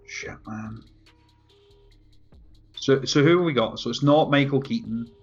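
A man's voice: medium pitch, measured pace, slightly rough. A man in casual chat, laid-back and loose, swearing freely with lots of fillers. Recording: dull lo-fi with faint music.

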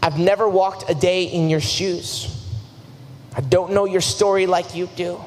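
A man's voice: high voice, steady tone, a little slow. A young man preaching a sermon in a large church hall, telling personal stories in an earnest, casual and self-deprecating way. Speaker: youth preacher. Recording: long hall reverb, faint noise.

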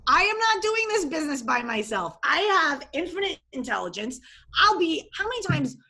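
A woman life coach talking casually in an interview, animated and expressive, often acting out what she and others said. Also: high-pitched, normal speed. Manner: animated and expressive, acts out quoted voices.

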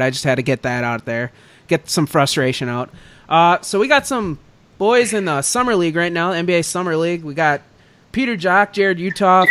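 A man's voice: a little high, a bit bright, smooth. A young man co-hosting a casual sports podcast, ranting as an exasperated fan. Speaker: podcast co-host.

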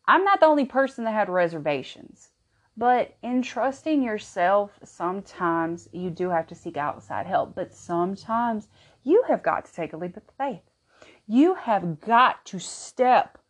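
A woman in her thirties, a podcast host and homeschooling mom, tells personal stories in a casual monologue. Her slightly low voice is earnest and chatty, with frequent restarts and laughter.

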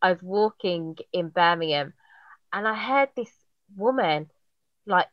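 A woman, chatting casually and telling stories in a quick, expressive way. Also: on the low side, background noise. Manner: animated storyteller, quick and expressive. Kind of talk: casual chat. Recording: dull lo-fi sound.

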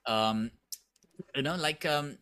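A man's voice: mid-range voice, slow, sharp tone, smooth. A man co-hosting a casual comedy podcast who talks earnestly and reflectively, with lots of "you know" and "right".

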